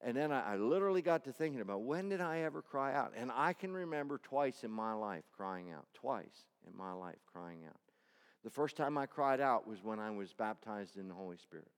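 A man's voice: mid-range voice, expressive, a little fast. Impassioned preacher man in an echoing hall. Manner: swings from loud intense preaching to quiet storytelling. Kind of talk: sermon. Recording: long reverb hall.

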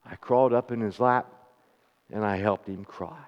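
A mischievous little boy with a soft heart speaks in a hushed, halting voice, as a preacher puts him on mid-sermon. The sound is dull and carries a long hall reverb. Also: lowish voice, voice pushed down, natural voice. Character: young boy, mischievous neighborhood kid, softhearted.

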